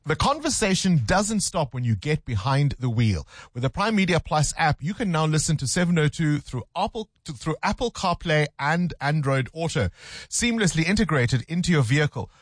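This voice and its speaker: A man's voice: fairly high pitch, expressive, normal speed, no room sound. Man hosting morning radio. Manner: teasing, coaxing, laughs easily. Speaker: radio breakfast show host. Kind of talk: casual radio chat. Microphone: studio microphone.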